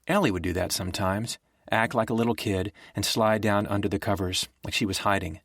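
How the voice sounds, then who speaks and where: Male audiobook narrator, low pitch, dry close sound, measured delivery. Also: no echo. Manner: even, measured storytelling.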